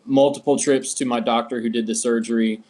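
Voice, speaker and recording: Casting: young American man, interview guest, easygoing and rambling, full of ums, mid-pitched voice. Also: a little fast. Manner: relaxed, rambling, many fillers. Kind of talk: casual storytelling.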